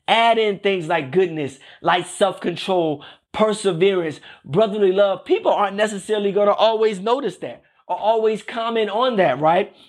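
A man with a high-pitched voice delivers a conversational sermon. He talks informally, circling back to phrases and tagging lines with "right?". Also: normal speed. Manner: repeats phrases and keeps asking "right?". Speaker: preacher.

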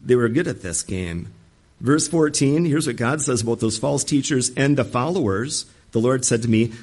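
A man's voice: mid-range voice, expressive, normal speed, a little mellow, husky. Emphatic man preaching a sermon. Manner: emphatic, acts out quoted voices. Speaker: pastor.

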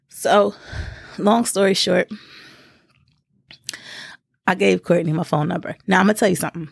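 A woman in her thirties telling a casual, slangy story, her pitch jumping up high whenever she quotes someone. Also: normal speed, creaky, long pauses, husky, dry recording, clean studio sound. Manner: lively slangy storytelling with big pitch jumps when quoting. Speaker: vlogger.

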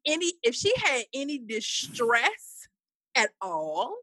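A woman chatting on a panel, telling family stories and acting out loud quotes. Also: high-pitched, takes it slowly, no room sound. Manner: loud, expressive, acts out quotes with big swings. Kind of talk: casual chat.

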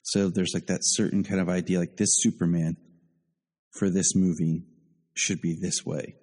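A deep-voiced man hosting a casual podcast, talking through his opinions with easy repeats. His tone is dark and mellow. The voice carries a long reverb tail, as if recorded in a big room. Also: level tone, moderate pace, slightly rough. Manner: opinionated, thinks aloud with repeats. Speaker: podcast host.

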